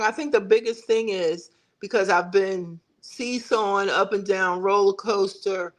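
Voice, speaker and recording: A woman's voice: medium pitch, low-quality recording. A middle-aged woman hosting a casual livestream, chatting in a folksy way and answering viewer comments. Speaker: livestream host. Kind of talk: casual live-stream chat.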